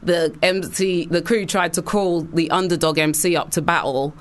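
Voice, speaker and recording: Political commentator, earnest, animated, mid-pitched, restarts and fillers. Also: moderate pace. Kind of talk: casual political chat.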